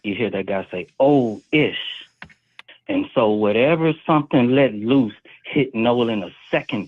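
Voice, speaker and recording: A man's voice: fairly low pitch, no room sound, narrow, tinny audio. A man calling in to a live show, eagerly retelling sounds and voices he heard on a video. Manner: retells sounds and quotes from a video with rising emphasis. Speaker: caller.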